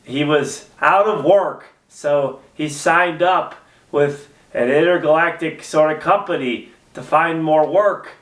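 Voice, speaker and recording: A man's voice: a little high, takes it slowly, roomy sound, recorded from a distance. A man co-hosting a casual movie review podcast, playful and loose, swearing freely. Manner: playful, swears a lot, jumps into excited yelps. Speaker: podcast co-host. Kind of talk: casual movie review chat with comic skits.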